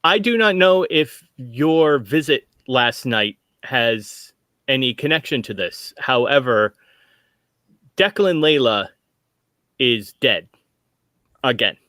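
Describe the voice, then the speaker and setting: A formal, buttoned-up young man raised by a company, voiced by a man, who speaks very slowly and weighs every word. His tone is bright and tense, and the sound is dry and close. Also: medium pitch, expressive, no room sound. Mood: measured. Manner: formal, halting, measured speech without contractions. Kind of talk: tabletop role-play in character.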